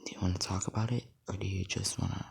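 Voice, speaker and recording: A man voicing a kind, caring adult superheroine, speaking in a soft, hesitant half-whisper. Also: low voice, fairly even intonation, fast, creaky, slightly rough, exaggerated voice. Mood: gentle.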